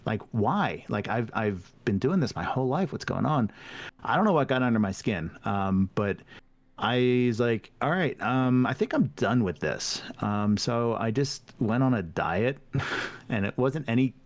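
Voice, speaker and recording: A man speaks as a guest on a casual podcast, his voice sitting at an ordinary middle pitch. He talks openly and reflectively, slipping into quoted dialogue with playful voices and laughing often. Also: animated, measured pace, dry recording. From United States. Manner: candid, self-reflective storyteller who acts out quoted dialogue and laughs often. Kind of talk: casual chat.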